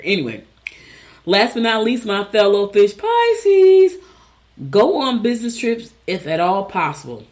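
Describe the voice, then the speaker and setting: Chatty woman radio host reading horoscopes. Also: on the low side. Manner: animated, chatty, storytelling asides.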